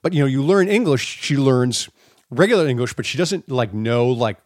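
A middle-aged man co-hosting a podcast, telling stories in a casual, profane, animated way. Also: mid-range voice, normal speed, dry recording, clean studio sound. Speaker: podcast co-host. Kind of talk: casual chat.

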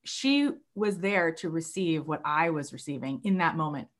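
The guest is a young woman sharing a personal anecdote with lots of expression. She's quick to imitate the people in her story, her pitch swinging widely for each quoted voice.

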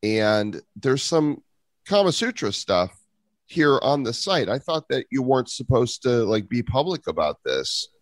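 Lively teasing man hosting a podcast. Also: medium pitch, a little slow, no echo, clean studio sound. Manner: teasing, playful, lively questioning. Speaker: podcast host. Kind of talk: casual podcast chat.

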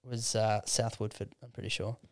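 A man's voice: fairly low pitch, flat delivery, normal speed. A man in his thirties hosting a podcast, telling stories in a casual, profane, laid-back way. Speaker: podcast host. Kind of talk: casual chat.

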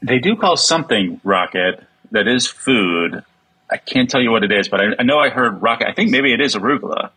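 A man appearing as a podcast guest, playful and quick to laugh in casual chat. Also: medium pitch, animated, sharp tone, breathy edge, rough recording.

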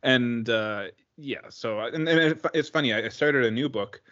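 A man co-hosting a sports podcast in casual chat, talking in halting bursts full of restarts and repeated words. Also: mid-range voice, sharp tone, muffled recording. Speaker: podcast co-host.

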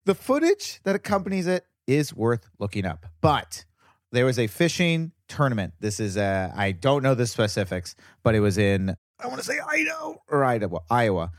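A man telling a story as a comedian guest on a casual podcast, animated and rambling, repeating words. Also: medium pitch, moderate pace, no room sound, clean studio sound.

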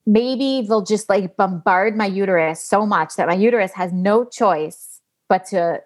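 Animated woman in her late thirties. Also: medium pitch, a little slow. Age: late 30s. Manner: animated, acts out quoted dialogue, swears casually. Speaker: guest. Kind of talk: candid personal storytelling.

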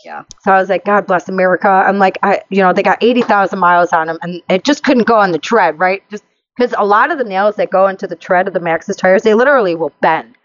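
A woman's voice: medium pitch, fast, dry recording, highs cut off. A woman co-hosting a casual chat show, telling road stories with lots of laughter. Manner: lively storyteller, laughs often. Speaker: podcast co-host.

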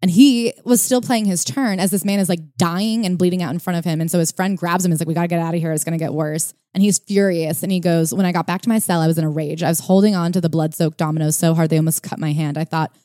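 A woman's voice: on the low side, steady tone, fast talker, few pauses, dark tone, no room sound, clean studio sound. A woman co-hosting a casual podcast chat about a book, retelling stories and reading out quotes with energy. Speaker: podcast co-host.

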